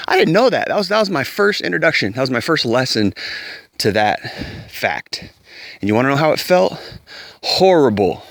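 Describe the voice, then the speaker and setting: A man's voice: mid-range voice, very animated, brisk, fairly bright tone, dry recording. A man delivering a heated opinion rant to camera, emphatic and profane, often repeating words as he pushes his point. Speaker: vlogger.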